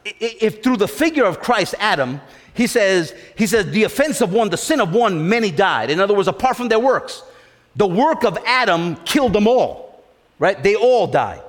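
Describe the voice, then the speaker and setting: A man delivers a sermon in a high, animated voice that rises and falls widely. He hammers home phrases by repeating them and keeps asking his listeners questions. The sound trails off in the long reverb of a church hall. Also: moderate pace. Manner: emphatic, repeats phrases, asks the congregation questions. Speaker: preacher.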